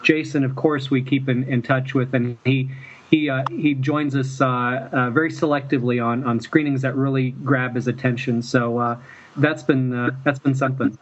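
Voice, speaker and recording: Halting storytelling man, dull recording. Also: medium pitch, fairly even intonation. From Mississippi, US. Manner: rambling, halting, chuckles often. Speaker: guest, fan filmmaker. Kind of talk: casual storytelling interview. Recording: dull lo-fi with faint noise.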